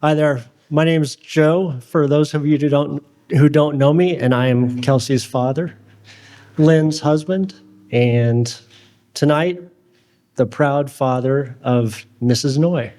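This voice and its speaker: A man's voice: on the high side, fairly even intonation, slow pace, warm tone. A middle-aged man, father of the bride, starting an emotional toast with self-deprecating humor and small stumbles. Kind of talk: wedding toast speech.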